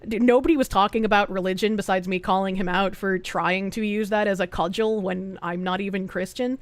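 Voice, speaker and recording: A woman's voice: medium pitch, fairly even intonation, dry recording. A woman streamer reading out posts to her chat in a casual, profane, exasperated way. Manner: profane, exasperated, quick to gasp and laugh.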